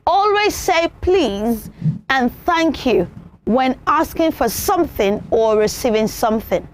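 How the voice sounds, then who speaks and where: Woman hosting a children's show, high-pitched and lively, acts out every example. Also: slow, slight background noise. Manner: animated, repeats points, acts out examples. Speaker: children's TV presenter. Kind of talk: teaching children on television.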